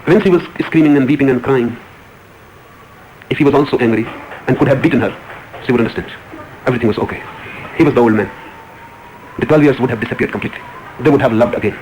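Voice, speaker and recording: Fast-talking man giving a spiritual discourse. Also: medium pitch, darkish tone, slight background noise, rough recording. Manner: repetitive, emphatic storytelling. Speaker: spiritual teacher.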